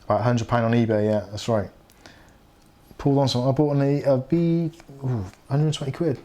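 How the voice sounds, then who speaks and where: A man in middle age hosts a relaxed evening live stream about tech. He chats loosely, reads viewer comments aloud and laughs easily, at an ordinary middle pitch. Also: moderate pace. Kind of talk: casual live stream chat.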